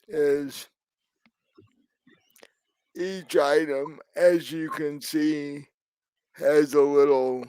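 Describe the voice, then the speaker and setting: Man game master, very slow pace, smooth clear voice, dry sound. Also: on the high side, darkish tone, no echo. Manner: slow, laughing, hesitant narration. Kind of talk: narrating a tabletop game.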